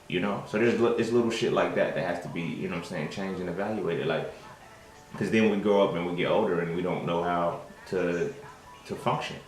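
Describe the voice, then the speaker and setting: A young man with a fairly low voice talks loosely and profanely, leaning on slang and "you know what I'm saying". The room around him is roomy and echoing. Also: a little fast, faint music behind. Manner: profane, streetwise slang, frequent fillers. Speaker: host. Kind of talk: casual monologue. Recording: roomy echo.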